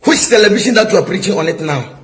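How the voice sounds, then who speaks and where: A man's voice: high voice, animated, quick pace, a bit bright, low-quality recording. A middle-aged man, a prophet, scolding a rival in an emphatic, repetitive preaching style. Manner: emphatic, repetitive, asks "is somebody getting my point?". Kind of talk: preaching-style public rebuke.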